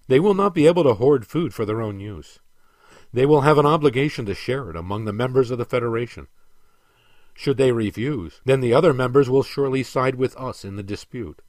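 A man reading the part of a stern aging emperor who lectures and commands with measured authority. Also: mid-range voice, a little mellow, no echo, clean studio sound, lightly acted.

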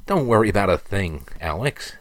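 An eager young caravan guard talks earnestly, laying out his logic step by step, as a man reads him. His voice is deep, and the sound is close and dry. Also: sing-song, normal speed, no echo. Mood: reassuring.

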